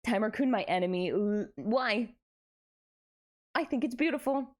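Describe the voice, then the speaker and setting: A woman's voice: fairly high pitch, a little slow. A young adult woman streaming live, chatting casually with her viewers in a playful, dramatic way. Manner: animated, playful, dramatic exclamations.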